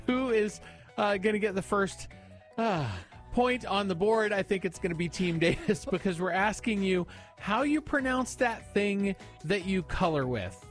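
A man's voice: high voice, lively intonation, a little slow, soft background music. A man hosting a morning radio show, bantering playfully with callers and his co-host and laughing easily. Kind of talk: casual on-air banter.

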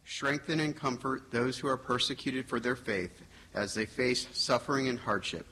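A man reads the intercessions at Mass in a steady, formal voice. Faint room noise sits behind him in the church. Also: medium pitch, normal speed, low-quality recording. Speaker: lector reading intercessions. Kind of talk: reading prayers of the faithful.

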